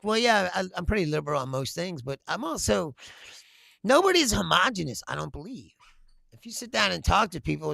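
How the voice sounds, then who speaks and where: A man's voice: high voice, vocal fry, a bit bright, no room sound. A man hosting a political commentary show, talking bluntly with lots of swearing and frequent laughter. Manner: laughs often, blunt and profane. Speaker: host.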